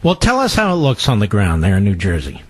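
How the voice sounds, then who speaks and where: A man's voice: fairly low pitch, huge pitch swings, quick pace, slightly rough. A male radio talk show host interviewing a guest, emphatic and combative. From Philadelphia.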